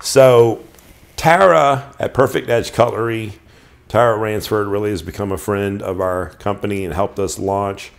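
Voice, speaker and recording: A man's voice: on the low side, unhurried, creaky. A middle-aged man casually showing off his knives, enthusiastic and rambling, often restarting his sentences. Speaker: knife collector reviewing knives. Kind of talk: casual show-and-tell.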